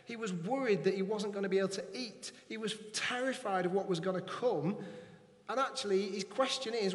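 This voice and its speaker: Male preacher, slightly high voice, scripture reading, soft repeated lines, reverberant church hall. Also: fairly quick. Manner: reads scripture then repeats lines softly for emphasis. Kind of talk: sermon. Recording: echoey hall with long reverb.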